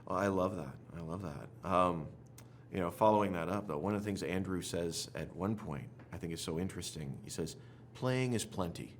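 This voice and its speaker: A man interviewing a director, asking friendly, measured questions and affirming the answers. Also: low-pitched, slight background noise.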